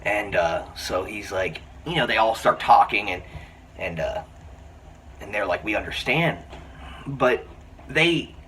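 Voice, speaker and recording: A man giving a casual spoken film review, retelling scenes in an excited, rambling way with many restarts. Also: on the low side, slow pace, long pauses. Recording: slightly distant mic, faint room hiss.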